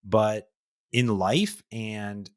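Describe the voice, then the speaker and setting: Energetic male podcast host. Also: on the low side, extremely slow, no room sound, studio quality. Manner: energetic, animated, self-deprecating. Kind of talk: casual podcast chat.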